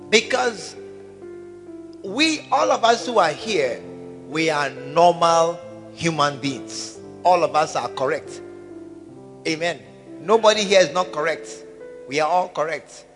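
A man's voice: on the high side, lively intonation, slow, pauses often, a bit bright. A man preaching a sermon in a church hall, acting out phone calls and prayers. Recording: music and long hall reverb.

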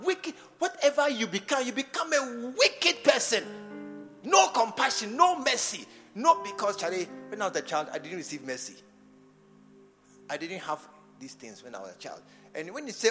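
A middle-aged man from Ghana with a Ghanaian English accent, preaching a sermon in church, repeating phrases and swinging between loud emphasis and near-whispers. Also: extremely high pitch, big pitch swings, moderate pace, pauses often. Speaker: archbishop preaching. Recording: church hall reverb with faint music.

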